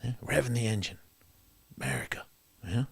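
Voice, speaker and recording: A man doing a profane stand-up rant, swinging between loud outbursts and quiet asides. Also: mid-range voice, very animated, moderate pace, creaky, husky. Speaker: comedian.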